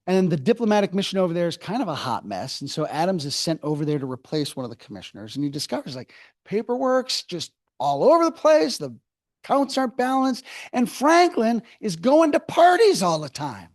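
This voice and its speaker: A man gives a public history lecture in a university hall. He tells it as a lively storyteller, mocking people in quick asides. His voice sits a little high and swings widely in pitch. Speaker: author giving a book talk.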